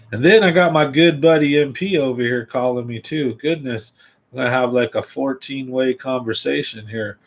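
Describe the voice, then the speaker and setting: A man hosts a live fishing stream in an easygoing, rambling way. His voice sits at a middle pitch. He chats loosely and speaks straight to the people watching. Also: measured pace, low-quality recording. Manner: rambling, chatty, talks straight to viewers. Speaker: fishing livestream host. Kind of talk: casual livestream chat.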